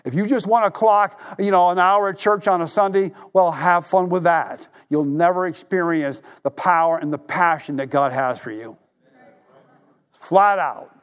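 A male pastor preaching a sermon, telling stories animatedly, acting out the voices he quotes and dropping to a hush for emphasis. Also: high voice, moderate pace, few pauses, clean tone. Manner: drops to a hushed voice for emphasis.

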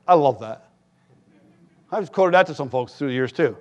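Animated preaching man, fairly high voice. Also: normal speed, pauses often, lo-fi sound. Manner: animated, rises to shouts for quoted voices, self-deprecating asides. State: tired. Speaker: pastor. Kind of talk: sermon.

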